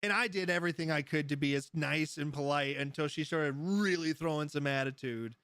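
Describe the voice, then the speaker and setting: A man's voice: fairly high pitch, fairly quick, a bit bright, smooth, dry recording. Chatty laughing man live-streaming. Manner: rambling storyteller, laughs often, answers chat. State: high. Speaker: livestream host. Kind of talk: casual live-stream chat.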